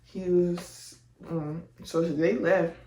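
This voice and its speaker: A vlogger recounts her birth story in a casual, slangy way, acting out how she reacted. Her voice is on the low side and dark, with a steady tone and a very slow pace. The recording has a little hiss or hum and sounds echoey, with her far from the mic.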